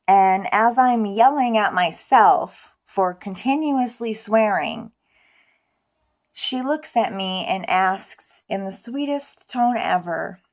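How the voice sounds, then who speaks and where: A woman's voice: medium pitch, expressive, takes it slowly. A young woman telling a storytime vlog in a casual, profane, self-mocking way. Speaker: vlogger.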